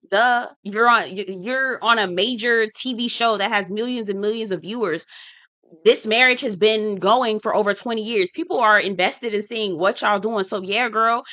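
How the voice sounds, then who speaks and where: A woman's voice: mid-range voice, no room sound, dull audio. Sassy, profane woman recapping reality TV. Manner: sassy, blunt, profane, animated. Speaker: TV recap host.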